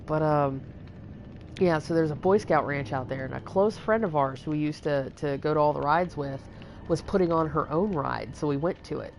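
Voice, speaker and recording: A woman's voice: low-pitched, moderate pace, slight background noise. A young woman from Texas hosting a livestream, telling long rambling stories with lots of fillers and swearing. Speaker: livestream host. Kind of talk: casual storytelling chat.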